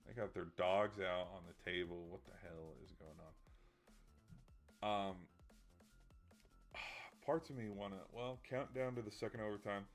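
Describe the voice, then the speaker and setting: A man's voice: fairly low pitch, fairly even intonation, unhurried, long pauses, soft background music. A tired man chatting casually on a late-night livestream, rambling and getting heated, with lots of filler words and restarts. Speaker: streamer.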